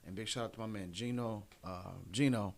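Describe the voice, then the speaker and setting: Male comedian guest, casual animated storyteller, does the voices of people in his stories. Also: fairly low pitch, fairly quick. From Detroit. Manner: animated, acts out quotes in raised voice.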